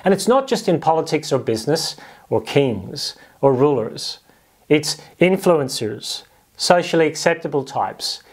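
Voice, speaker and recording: Man, sermon, conversational preaching, higher-pitched voice, playful quoted voices. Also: very animated, unhurried, breathy edge. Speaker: pastor.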